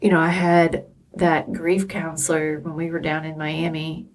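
A woman's voice: deep voice, little pitch movement, measured pace. A middle-aged woman co-hosting a podcast, telling personal stories candidly and with emotion. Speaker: podcast co-host. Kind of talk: casual chat.

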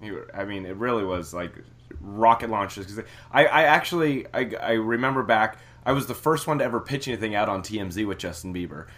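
A man hosting a podcast who chats in an animated way, often repeating his words. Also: on the low side, brisk. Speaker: podcast host. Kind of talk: casual interview chat.

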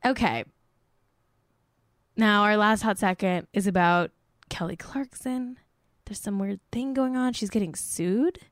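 A woman's voice: medium pitch, measured pace, long pauses, dry recording, studio quality. Chatty young woman gossiping about celebs. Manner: chatty, self-mocking, swears, lots of "like". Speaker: podcast host. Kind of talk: casual celebrity gossip chat.

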